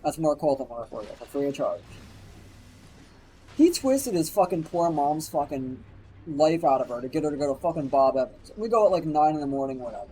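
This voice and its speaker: A man's voice: a little high, brisk, a little hiss or hum, low-quality recording. A man telling a rambling anecdote on a stream, swearing constantly and livening it with quoted voices. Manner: profane, animated anecdote telling. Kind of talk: casual storytelling.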